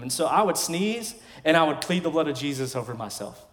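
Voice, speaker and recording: Emphatic pastor in reverberant hall. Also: male voice, a little high, sing-song, fairly quick. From West Texas. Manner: emphatic preaching that swings between loud declarations and quiet asides. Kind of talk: sermon. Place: large church sanctuary. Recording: long hall reverb from a church sanctuary.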